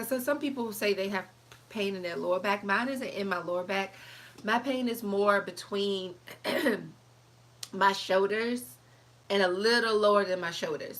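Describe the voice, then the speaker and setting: A young woman chatting to camera in an animated, chatty way, reading live comments as she tells her story. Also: medium pitch. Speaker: vlogger. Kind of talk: casual chat to camera.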